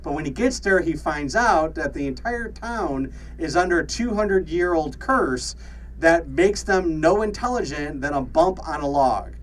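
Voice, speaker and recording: A man's voice: on the high side, animated, measured pace, recorded from a distance, rough recording. A man co-hosting a podcast in casual chat, with lots of fillers and laughter. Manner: laughs often, many fillers and restarts. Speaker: podcast co-host.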